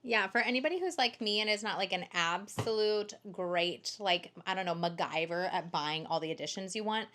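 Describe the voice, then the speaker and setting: A woman's voice: medium pitch, normal speed, hardly any pauses, sharp tone. A young woman co-hosting a book haul video, chatting casually and bubbly, with lots of "like" and the odd swear word. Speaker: booktuber co-host. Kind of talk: casual chat.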